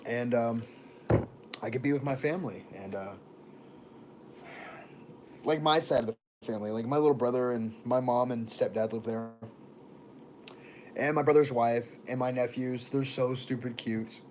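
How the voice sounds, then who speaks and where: Born in Texas and raised in Florida, a young man chats casually on a livestream, rambling through stories and greeting viewers by name. His mid-range voice is slightly mellow with fairly even intonation, normal speed and frequent pauses, over a faint, constant hum.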